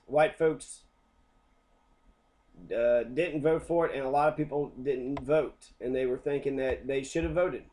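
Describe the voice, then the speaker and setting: A man lectures over a map in a heated, profane rant, cursing at nearly every turn. His voice sits on the high side for a man and stays blunt and combative throughout. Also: darkish tone. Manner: angry, swears constantly. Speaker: teacher. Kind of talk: profane ranting lesson.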